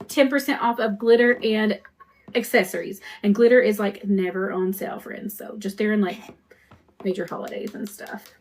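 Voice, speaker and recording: A woman hosting a crafting live stream, chatting to viewers in a rambling, conversational way while she works. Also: on the high side. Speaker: custom cup shop owner hosting a live stream.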